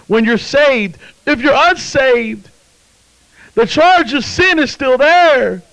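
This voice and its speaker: A man preaching a sermon, swinging between hushed storytelling and loud, fervent exclamations. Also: very high voice, lively intonation, slow, low-quality recording. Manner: impassioned, swings from hushed to shouting.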